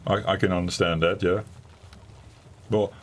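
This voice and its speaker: A man's voice: low-pitched, slight background noise. A man with a Dutch accent chatting casually while playing a game, rambling and talking to his viewers. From Netherlands. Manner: chatty and rambling, talking to chat between tasks. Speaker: game streamer. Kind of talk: casual gameplay commentary.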